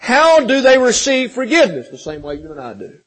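High-voiced impassioned male preacher. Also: wildly swooping pitch, a little fast, poor audio. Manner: impassioned, rising and falling between loud pleading and hushed softness; repeats words and restarts, addresses listeners as friends. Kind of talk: sermon.

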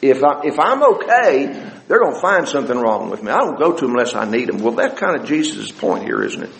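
A man preaching a sermon, talking it through conversationally with halting restarts and sarcastic asides. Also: medium pitch, sing-song, vocal fry, a bit bright, poor audio.

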